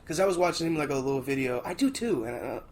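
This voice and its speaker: A man's voice: medium pitch, animated, quick pace, gravelly, a crowd in the background. A young man co-hosting a casual sports podcast, blunt and opinionated. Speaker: podcast co-host.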